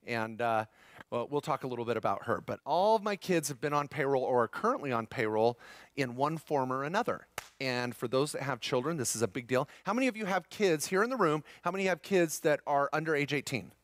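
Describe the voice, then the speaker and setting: A man's voice: medium pitch, animated, brisk, fairly bright tone, no room sound. A middle-aged man speaking at a live tax seminar, upbeat and jokey, polling the room and addressing the audience as guys.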